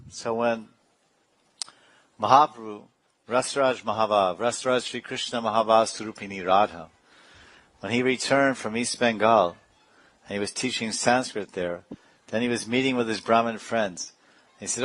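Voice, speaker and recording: A man's voice: fairly low pitch, moderate pace, fairly bright tone, no room sound, low-quality recording. A man giving a sermon as a spiritual teacher, telling stories and now and then imitating other people's speech playfully. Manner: storytelling with playful imitations and laughs.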